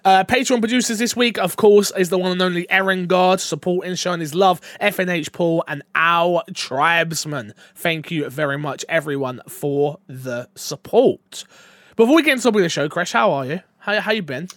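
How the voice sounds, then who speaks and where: A man hosting a casual gaming podcast, joking and animated, dropping from loud bursts to mumbled asides. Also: high voice, normal speed, no room sound, clean studio sound. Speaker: podcast host.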